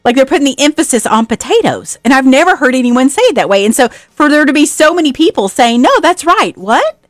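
A woman's voice: high-pitched, expressive, fast talker, dry recording, clean studio sound. A woman talking casually to listeners, asking a playful question. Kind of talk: casual chat.

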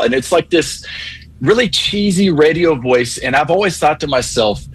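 A man calling in to a radio show, talking in a measured, wry, digressive way. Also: fairly high pitch, animated, slightly rough, rough recording. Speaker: caller.

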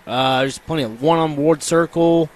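A man, co-hosting a casual sports radio show, quick and joking. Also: a little high. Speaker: radio co-host.

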